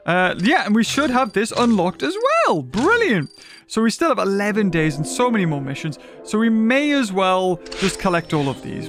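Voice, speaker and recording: A British man from the UK chatting excitably as he commentates on a mobile game, often laughing. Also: a little high. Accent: British English. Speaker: gaming video host. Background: game music.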